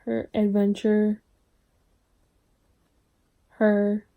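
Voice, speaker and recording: A young woman chatting casually to camera in a book vlog at home, drifting into soft whispers. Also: mid-range voice, completely flat delivery, extremely slow, phone-quality sound. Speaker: book vlogger.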